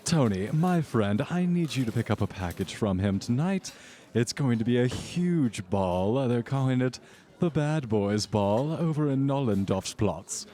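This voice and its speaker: A man's voice: medium pitch, animated, measured pace, warm tone, lightly acted. A man voicing a flamboyant, pushy society woman with a sing-song, gushing way of talking. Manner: gushing, breezy, calls everyone darling.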